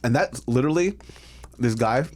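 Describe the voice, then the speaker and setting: A man co-hosting a casual food podcast, jokey and self-mocking, talking loudly. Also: medium pitch, animated, normal speed. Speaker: podcast co-host. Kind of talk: casual chat.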